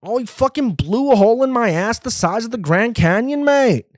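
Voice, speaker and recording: A man's voice: very high voice, lively intonation, moderate pace, dry recording, studio quality, pitched above the performer's own voice. A man putting on a mock British accent to play a crude, belligerent bloke who tacks "mate" onto every line. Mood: aggressive mocking. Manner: brash, boastful, ends lines with "mate".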